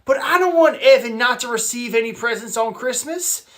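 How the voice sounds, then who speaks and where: A woman performing comedy skits, voicing several characters with lively, exaggerated delivery. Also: fairly high pitch, normal speed.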